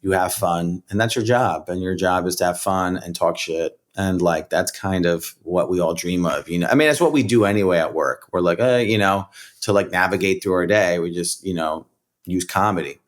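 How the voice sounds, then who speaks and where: A man's voice: low-pitched, normal speed. A middle-aged man, a rapper and comedian telling stories in a casual interview, rambling with lots of "like" and "you know". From United States. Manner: rambling, animated, many "like" and "you know" fillers. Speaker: rapper and comedian, podcast guest.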